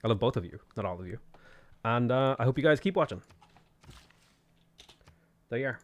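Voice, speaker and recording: A man's voice: medium pitch, animated, moderate pace. A man with an Irish accent chatting casually on a game stream, reading viewer messages aloud and answering them as he plays. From Ireland. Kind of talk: casual gaming stream chat.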